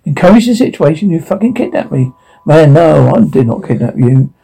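An actor playing an obsessive male security guard holding a woman captive, taunting and mocking her, then flaring into rage, in a dark audio drama. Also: on the high side, big pitch swings, normal speed, vocal fry, slightly rough, heavily acted, poor audio. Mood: menacing.

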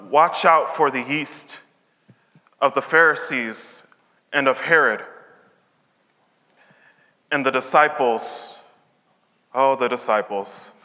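A man teaches scripture in a relaxed, conversational way, slipping into the characters' voices as he retells the story. His voice is bright and forceful, pitched a little high, and it rings with a long reverb, as in a large hall. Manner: retells scripture in casual modern slang, acting out the characters' lines. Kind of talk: casual Bible teaching.

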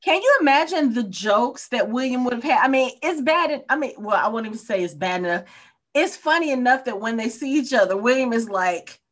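A woman with a somewhat higher-pitched voice talks in an easygoing podcast chat about a TV series. She is animated and opinionated, and often drops into character voices to make her point. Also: fairly quick. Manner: animated, acts out characters' lines. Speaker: podcast co-host. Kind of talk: casual discussion of a TV show.

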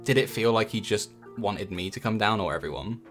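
A man's voice: lowish voice, animated, a little fast, music in the background. A man playing a tabletop game in a casual, joking way, often breaking into laughter. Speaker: player.

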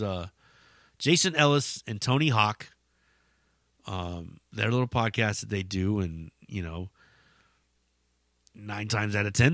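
A man talks alone into a dry close mic, his bright, tense voice rising and falling in a lively way. He rants slowly and profanely, drifting into rambling asides full of fillers. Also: medium pitch, dry recording. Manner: profane, animated ranting with frequent swearing. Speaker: podcast host. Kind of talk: casual solo podcast rant.

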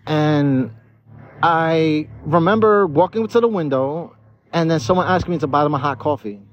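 A tipsy man rambles through a podcast monologue outdoors in a park. His voice sits a little high, and he swears freely and stumbles over restarts. The outdoor recording sounds dull and lo-fi. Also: normal speed. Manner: rambling and profane, with stammered restarts. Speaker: podcast host. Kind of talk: casual drunken monologue.

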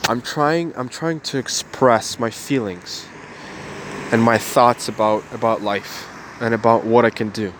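A man's voice: mid-range voice, steady tone, measured pace, noisy background. A man in his twenties talking to his viewers in an earnest, emotional monologue, repeating and restarting his phrases. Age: 20s. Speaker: vlogger.

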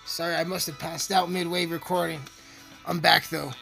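A man's voice: fairly high pitch, level tone, moderate pace, creaky. A man rambling through a profane, joking casual monologue as a podcast host. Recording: music playing behind.

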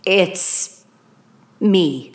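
A woman reading a half-formed, wretched man who speaks in a slow, halting near-whisper. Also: mid-range voice, faint music behind. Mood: broken, urgent. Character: half-formed ghoulish man, tired and desperate.

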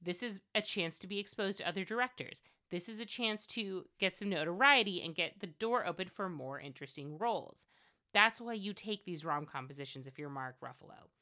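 A woman's voice: fairly low pitch, expressive, brisk, pushed and bright. A woman hosting a podcast, talking casually on her own with wry asides and plenty of fillers. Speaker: podcast host. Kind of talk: casual solo commentary.

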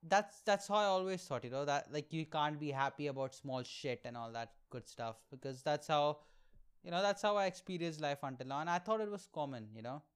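A man's voice: fairly high pitch, animated, fairly quick, clean tone. A man, telling candid, profane, self-mocking stories on his solo podcast. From India. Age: 20s. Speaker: podcast host and aspiring comedian.

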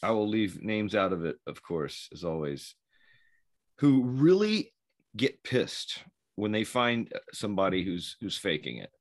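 Brief: man, low voice, very animated delivery, dry close mic, rambling storyteller. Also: a little slow, no echo. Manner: rambling, laughs while telling stories. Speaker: podcast co-host, former Navy SEAL. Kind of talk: casual storytelling chat.

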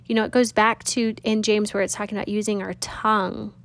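Woman, mid-pitched, some vocal fry, casual and earnest Bible teacher. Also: level tone. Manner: conversational, earnest, reads scripture slowly.

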